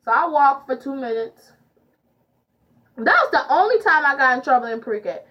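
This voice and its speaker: A teenage girl with a high, sing-song voice tells a storytime vlog at normal speed, chatty and full of fillers as she retells it. The audio is dull and lo-fi.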